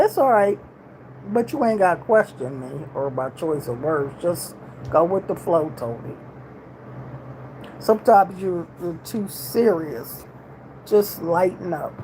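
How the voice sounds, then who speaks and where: A woman in her sixties chatting casually with her livestream viewers, relaxed and drawling with slangy everyday grammar, talking in a steady middle pitch over faint room noise. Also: rough recording. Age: 60s. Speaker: livestream host.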